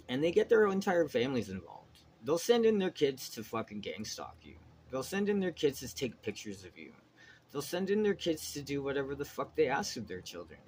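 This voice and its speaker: A man's voice: medium pitch, a little hiss or hum. A man in a rambling, agitated monologue, swearing constantly and trailing off mid-sentence. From Canada. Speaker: vlogger.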